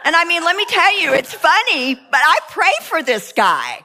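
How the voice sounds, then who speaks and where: A woman's voice: very high voice, sing-song, moderate pace, background noise. A woman preaching a sermon with passion, mixing joking asides with fervent repeated cries.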